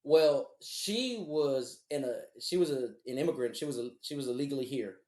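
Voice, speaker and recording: A man co-hosting a podcast, telling a personal story in casual, profane, animated chat. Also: mid-range voice, normal speed, roomy sound. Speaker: podcast co-host.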